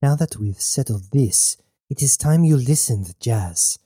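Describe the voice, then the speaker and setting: A man doing a cold, intense mother who once fought for a revolution. She speaks calmly and formally in a dark, mellow tone, read close to the mic in a dry audiobook sound. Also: mid-range voice, unhurried, husky, no room sound. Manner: calm, formal speech without contractions.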